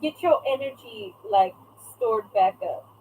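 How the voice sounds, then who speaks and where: A woman's voice: on the high side, expressive, a little slow, a little mellow, slight background noise, low-quality recording. A young woman chatting casually on a live stream as a craft shop owner, reading out viewer comments and swearing now and then.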